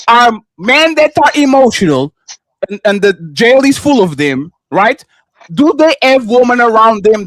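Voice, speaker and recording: A man with a high, slightly bright voice speaks English as a non-native speaker, recorded in clean studio quality with no echo. As co-host of a live panel, he argues hard and combatively, cutting in again and again with repeated "sir" and "stop being emotional."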